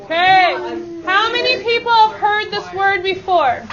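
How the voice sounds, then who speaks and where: A woman math teacher leading a lesson with brisk, upbeat instructions and call-and-response countdowns. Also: very high-pitched, noisy background. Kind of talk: classroom instruction. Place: school classroom. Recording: dull lo-fi classroom recording with student chatter.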